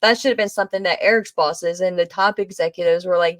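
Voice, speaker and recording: A woman's voice: on the low side, steady tone, fast talker, few pauses, no echo. A woman hosting a podcast, casually talking through a TV series with sarcastic asides and plenty of fillers. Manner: conversational, sarcastic asides, frequent fillers and swearing. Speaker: podcast host.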